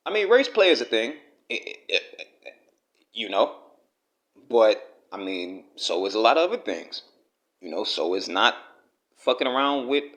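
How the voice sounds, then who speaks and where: A man's voice: medium pitch, fairly bright tone. A man with delivering a blunt, profane, scolding rant to the camera, talking straight at the person he criticizes. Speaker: commentary vlogger.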